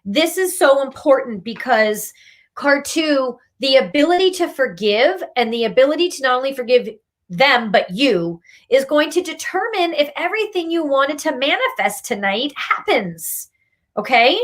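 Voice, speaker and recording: A spiritual reader and meditation host leads a live card reading in a high, very animated voice at a moderate pace. She talks emphatically, scolding her viewers with tough love and laughing in between.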